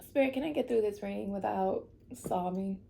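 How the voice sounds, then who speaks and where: A woman's voice: medium pitch, moderate pace, creaky, warm tone, a little hiss or hum. A woman giving a tarot reading to her viewers, tearful and reassuring, laughing through her emotion. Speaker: tarot reader.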